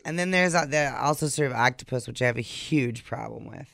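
A man's voice: medium pitch, fairly quick, creaky, fairly bright tone, no echo. A man co-hosting a morning show podcast, reading out odd news stories with sardonic asides. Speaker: co-host. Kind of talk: casual morning show banter.

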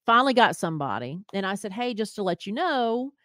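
This podcast co-host speaks a little fast in a mid-range voice, chatting casually as she tells a story and performs each character's lines with animation. The audio is dry and studio quality.

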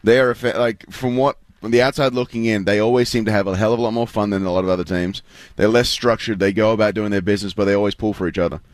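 A man's voice: on the low side, steady tone, fast talker, no echo. A man with an Australian accent, chatting as a guest in a casual interview, rambling with fillers and restarts. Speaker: guest athlete.

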